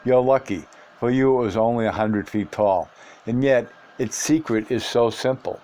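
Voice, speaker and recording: A man voicing an old Mexican sorcerer who speaks steadily and matter-of-factly, calm and teasing. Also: medium pitch, moderate pace, close to an everyday voice. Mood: serious.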